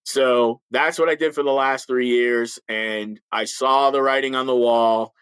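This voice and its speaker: A man's voice: medium pitch, steady tone, unhurried, fairly bright tone, clear, resonant tone, no echo, low-quality recording. A man in his fifties, a retired police officer, telling blunt stories in an interview with a slight lisp and frequent restarts. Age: 50s. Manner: blunt, emphatic, repeats words when starting sentences. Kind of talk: candid interview storytelling.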